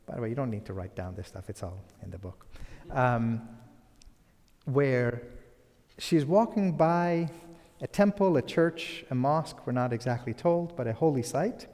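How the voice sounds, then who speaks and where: Slow soft-spoken man lecturing. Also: mid-range voice, animated, long reverb tail. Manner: soft and deliberate, trailing into near-whispers. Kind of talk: public lecture.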